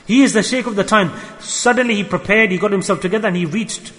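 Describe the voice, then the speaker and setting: Earnest male preacher with a high voice, repeats lines for emphasis, long hall echo. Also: fast, fairly bright tone. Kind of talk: storytelling sermon.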